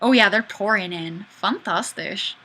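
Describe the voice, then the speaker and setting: A woman hosting a casual live webcam show in a playful, animated manner. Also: mid-range voice, a little slow. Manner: playful, animated, often laughing.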